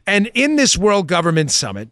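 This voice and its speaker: Male talk host, high pitch, laughing and mocking, excitable delivery, dry studio sound. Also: normal speed, dry recording. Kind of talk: political talk show monologue.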